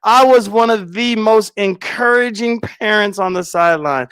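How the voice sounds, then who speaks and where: A man's voice: high-pitched, normal speed, hardly any pauses, a bit bright, clean tone, no echo, studio quality. A middle-aged man chatting casually on a livestream, telling a story dramatically with slangy asides and frequent laughter. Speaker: livestreaming content creator.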